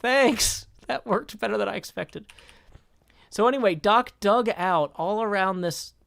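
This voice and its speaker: Casually commenting on a live game stream, a man with a high, gravelly, fairly bright voice talks at normal speed. He thinks out loud, interrupts himself mid-sentence, and reads and responds to chat. The recording is dry.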